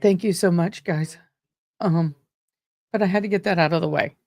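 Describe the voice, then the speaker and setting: A middle-aged woman hosting a casual livestream about court cases, speaking haltingly with many pauses, grieving and close to tears. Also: on the low side, a little mellow, no room sound. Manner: halting, pausing often with ums. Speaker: courtroom commentary host.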